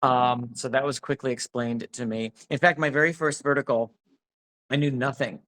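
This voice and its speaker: A man's voice: mid-range voice, fairly even intonation, moderate pace, a bit bright. A man being interviewed about his acting work, talking casually and rambling with many restarts. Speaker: actor, interview guest.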